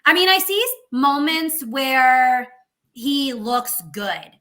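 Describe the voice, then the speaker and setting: Bright-voiced woman musing on football. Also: sits high, lively intonation, slow pace. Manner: hesitant, thinking aloud with fillers. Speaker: co-host. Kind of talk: casual sports chat.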